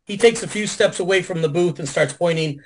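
Male guest on a video call, pitched a bit high, an animated and salty storyteller. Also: fairly quick, a little hiss or hum, poor audio. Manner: animated, profane, acts out quotes.

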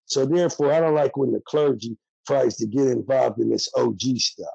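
A man's voice: mid-range voice, normal speed, gravelly, mellow, breathy edge, dry recording, muffled recording. An older man, a former prisoner, speaking bluntly and heatedly in a candid interview with a streetwise manner.

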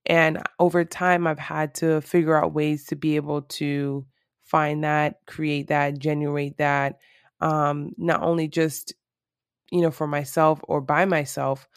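A woman's voice: deep voice, level tone, a little slow, smooth, no room sound, studio quality. A woman talking to camera in a casual, reflective monologue, earnest and rambling with lots of fillers.

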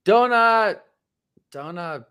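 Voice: mid-range voice, animated, very slow, fairly bright tone, smooth. A podcast co-host in a casual live chat, playful, sometimes slipping into a mock-preacher delivery.

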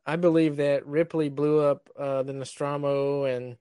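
A man's voice: on the high side, little pitch movement, a little slow, mellow, clean tone. A man co-hosting a podcast over a remote call, hesitant and full of stammering restarts. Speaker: podcast co-host. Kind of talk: casual podcast chat.

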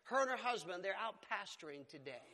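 A pastor delivers an emphatic sermon in a bright, ringing voice that sits high for a man. His exclamations climb in force as he preaches. Long reverb from a church hall trails each phrase. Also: very animated, fairly quick.

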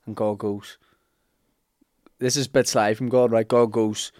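A man's voice: flat delivery, normal speed, long pauses, darkish tone, no echo, studio quality. A man, co-hosting a casual comedic history chat, bantering and acting out scenes. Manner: banter, acts out characters in a low mumble. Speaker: podcast co-host.

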